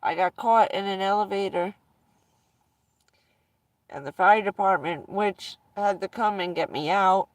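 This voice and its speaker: A woman's voice: mid-range voice, a little slow, pauses often, no room sound, distant mic. A woman vlogger casually telling rambling personal stories to her viewers, often breaking into laughter mid-sentence.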